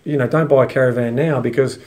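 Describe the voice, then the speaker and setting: A man's voice: mid-range voice, fairly even intonation, fast talker, a little mellow. An Australian man co-hosting a podcast, chatting casually and restarting his sentences as he rambles. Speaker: podcast co-host. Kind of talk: casual chat.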